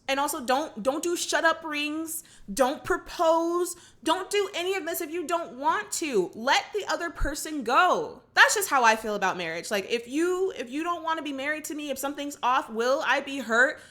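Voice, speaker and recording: Bright-voiced chatty woman reaction host. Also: high-pitched. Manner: chatty, opinionated, talks straight to viewers. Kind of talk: casual film recap and commentary.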